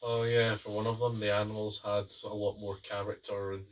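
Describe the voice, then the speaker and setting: A man's voice: lowish voice, flat delivery, fairly quick, recorded from a distance, slight background noise. Wisecracking Scottish man, a bit off-mic. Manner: joking, wisecracking. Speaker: quiz player. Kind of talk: casual quiz chat.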